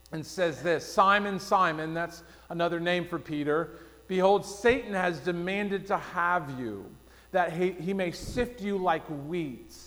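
A man preaching a sermon, telling a story and going quiet for the solemn parts. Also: sits high. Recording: long hall reverb.

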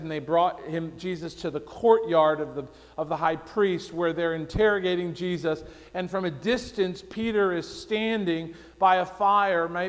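A man preaching a sermon, telling a story and going quiet for the solemn parts. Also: on the high side. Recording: long hall reverb.

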